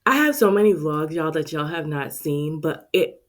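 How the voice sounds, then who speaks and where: A woman hosting a casual budgeting vlog, talking straight to her viewers in an expressive, chatty way. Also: low voice, normal speed. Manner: expressive, talks straight to viewers with lots of "y'all". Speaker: budgeting vlogger and channel host.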